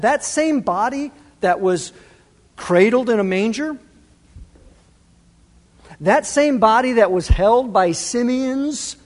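A man preaching a sermon as pastor, lively and direct, speaking to the congregation and to the children in it. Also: high-pitched. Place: church sanctuary. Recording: long reverb of a large hall.

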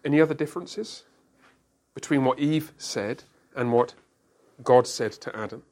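A man's voice: mid-range voice, a little slow, darkish tone. Man, Bible study leader, group discussion, asks questions, explains patiently with examples.

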